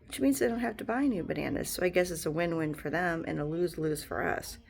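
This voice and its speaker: Woman streamer with a gravelly voice, drifting from thought to thought. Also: on the low side, fast. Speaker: live streamer. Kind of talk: casual rambling monologue.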